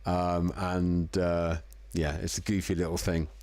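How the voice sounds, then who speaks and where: A man's voice: deep voice, level tone, unhurried, a little mellow, no echo. A man hosting a casual live music-making stream from home, chatty and self-deprecating, a little tipsy. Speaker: livestream music producer host. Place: home room in the evening.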